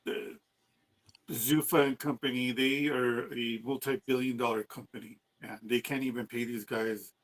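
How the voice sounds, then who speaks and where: A man's voice: medium pitch, little pitch movement, moderate pace, rough recording. A man co-hosting a podcast, chatting casually and bluntly, cursing as he rants. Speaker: podcast co-host. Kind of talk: casual chat.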